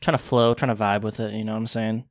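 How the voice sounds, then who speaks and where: A man's voice: on the low side, level tone, fast talker, dry recording. A man co-hosting a gaming podcast, talking in a laid-back, wry way and swearing casually over a remote call. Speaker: podcast co-host. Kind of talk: casual banter about video games. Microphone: remote call recording.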